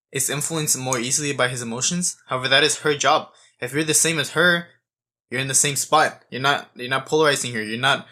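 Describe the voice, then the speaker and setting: A man's voice: mid-range voice, sharp tone. A man in his twenties giving a blunt, profane monologue, stumbling over restarts. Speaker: self-improvement vlogger.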